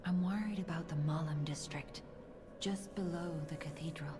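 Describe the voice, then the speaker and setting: A worried, troubled woman haunted by her past speaks in a soft, hushed game voice, played by an actress. Her pitch sits fairly low. Clear music plays behind her in the game audio. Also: moderate pace, close to an everyday voice. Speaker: game character at hotel front desk. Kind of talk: scripted game dialogue.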